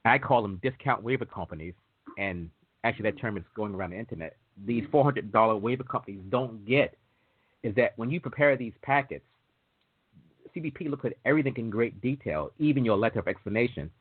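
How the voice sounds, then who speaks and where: A man's voice: lowish voice, expressive, brisk, breathy edge. A man hosting a casual talk show about entry waivers, chatty and digressive, acting out quoted exchanges as he explains. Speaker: waiver consultant host. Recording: tinny phone-like audio.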